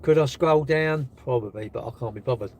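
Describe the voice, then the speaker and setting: A man's voice: mid-range voice, a little fast, darkish tone, slight background noise. Cocky older man teasing his chat. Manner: cocky, teasing banter with viewers. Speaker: livestream host reading chat. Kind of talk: casual live-stream chat.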